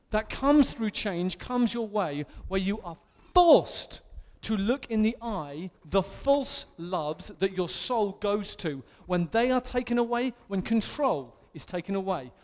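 An English man in his thirties preaching a sermon, animated and self-mocking as he tells stories. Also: high-pitched, big-room sound. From England. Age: 30s. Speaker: pastor.

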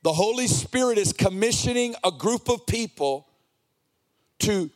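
A man's voice: sits high, animated, unhurried. A man in his forties preaching an earnest, impassioned sermon, sometimes lilting into a sing-song cadence.

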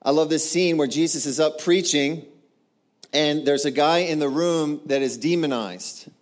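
Emphatic pastor, higher voice. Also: male voice, a little slow. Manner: emphatic, punchy repetition, rising to forceful. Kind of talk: sermon.

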